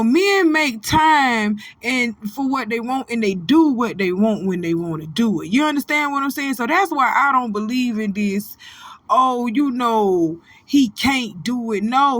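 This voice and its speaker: A woman's voice: sits high, fairly bright tone, dry recording. A woman in her thirties hosting a celebrity gossip channel, scolding famous people directly in a preachy, profane, no-nonsense way. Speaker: host of a gossip commentary channel. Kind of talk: blunt celebrity gossip commentary.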